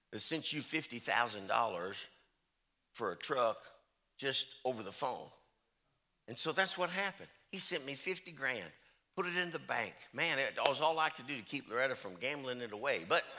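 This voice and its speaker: A middle-aged traveling preacher with a sharp, mid-range voice tells folksy stories in his sermon. He is chatty and narrative, often repeating "I said" and "he said."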